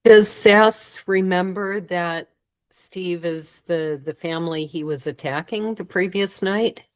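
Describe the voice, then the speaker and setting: A woman's voice: lowish voice, slow pace, low-quality recording. A woman hosting a podcast, asking a guest a question and giving short replies. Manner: brief backchannel replies. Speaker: podcast host. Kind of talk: interviewing with brief backchannels.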